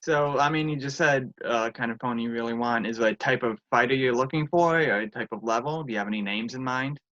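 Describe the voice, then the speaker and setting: A man's voice: mid-range voice, quick pace, a bit bright. A man interviewing a fighter, asking casual questions in an upbeat, easygoing way. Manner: upbeat, easygoing, laughs along. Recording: dull lo-fi sound.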